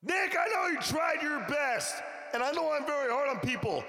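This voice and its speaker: A man playing a loud, bossy male ghost who coaches salesmen, shouting his tips in pushy pitchman patter. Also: big pitch swings, normal speed, vocal fry, exaggerated voice. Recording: roomy hall echo.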